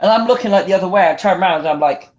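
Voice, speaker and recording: A man with a high voice tells animated stories as a guest on a casual interview show. He often restarts his sentences and mimics other people as he goes. The sound is echoey, as if recorded in a bare room. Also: rapid-fire, lo-fi sound. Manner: animated, acts out voices in anecdotes, frequent restarts. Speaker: guest wrestler.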